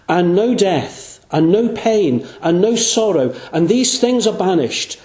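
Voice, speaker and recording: A man preaching an evangelistic sermon in a church, earnest, slowing down and dropping his voice low on the key phrases. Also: a little mellow. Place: church room. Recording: echoey room.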